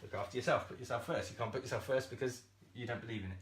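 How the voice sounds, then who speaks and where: A man coaching viewers on a live stream, animated and talking straight to them, swearing freely and laughing often. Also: medium pitch, rapid-fire, a little hiss or hum. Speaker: self-esteem coach.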